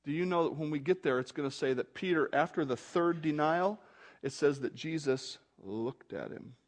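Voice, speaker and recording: A high-pitched man preaching from the pulpit. His delivery rises and falls sharply in loudness, dropping to near murmurs and then bursting out almost to a shout. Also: moderate pace. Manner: dynamic, swings between quiet asides and loud outbursts. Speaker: pastor. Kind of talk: expository sermon.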